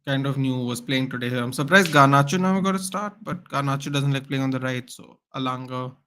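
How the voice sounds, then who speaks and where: A man's voice: mid-range voice, a little fast, a bit bright, clean tone. A man hosting a live football watchalong, calling the play as a partisan fan and chatting with viewers. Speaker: watchalong host.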